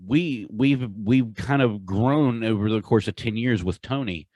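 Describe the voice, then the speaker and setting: In a casual podcast conversation, this male co-host talks earnestly yet haltingly, filling gaps with lots of uhs. His mid-range voice has a darkish tone and moves a little slowly, recorded dry.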